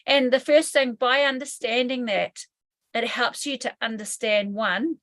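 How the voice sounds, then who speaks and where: A woman's voice: a little high, a little slow, a bit bright. A woman with a New Zealand accent, a hypnotherapy trainer explaining trauma in an interview, candid and casual, swearing freely. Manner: candid, swears casually, acts out inner voices.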